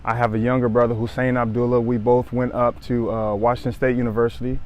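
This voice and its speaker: A man in his thirties from Southern California speaks straight to the camera about his own life. His voice sits at an ordinary middle pitch. He sounds earnest and reflective, circling back over phrases and restarting sentences as he thinks. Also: level tone, fast, a little mellow, a little hiss or hum. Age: 30s. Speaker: former pro football player sharing his story. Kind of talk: personal testimony to camera.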